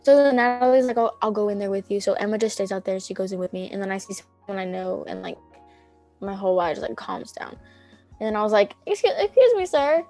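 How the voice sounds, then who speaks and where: A woman's voice: medium pitch, fairly even intonation, fast, a little mellow, soft background music. Rambling teenage girl telling stories. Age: teens. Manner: rambling, heavy use of "like", acts out quotes. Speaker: podcast co-host. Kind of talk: casual chat, storytelling.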